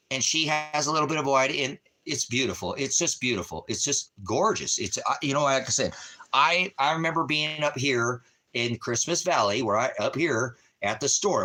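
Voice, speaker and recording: Profane, rambling rural livestreamer man. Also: medium pitch. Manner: profane, animated, talks to chat viewers. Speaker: livestream host. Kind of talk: casual rambling livestream monologue. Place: Christmas Valley area, rural.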